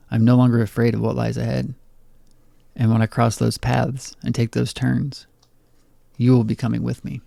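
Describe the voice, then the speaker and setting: A young man reading his own poetry aloud in a low-key, bitter spoken-word delivery. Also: gravelly, warm tone, no room sound, studio quality. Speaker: poet.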